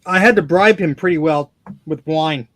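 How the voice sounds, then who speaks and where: An excitable man talks through a live computer repair, laughing often and poking fun at himself. His voice runs high for a man. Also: moderate pace. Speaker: guest repairing vintage computers. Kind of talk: casual livestream chat while repairing.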